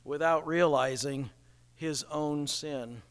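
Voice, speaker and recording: A man preaching a sermon in an animated way, acting out the people he quotes. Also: fairly high pitch, takes it slowly, clear, resonant tone. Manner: animated, acts out quoted voices, chuckles at the irony. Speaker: pastor. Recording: reverberant hall.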